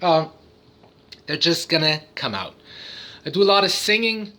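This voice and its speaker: Lively, bright-voiced man rambling to camera. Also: fairly high pitch, moderate pace. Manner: animated, breaks into sudden singing, noises and cartoon voices; rambling, self-interrupting. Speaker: vlogger, autistic father. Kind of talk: casual talk to camera.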